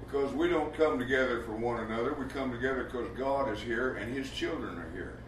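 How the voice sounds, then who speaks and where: A man's voice: mid-range voice, fairly quick, a little hiss or hum. A man preaching a sermon in a folksy, emphatic way, asking rhetorical questions in a church. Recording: echoey room with the mic far off.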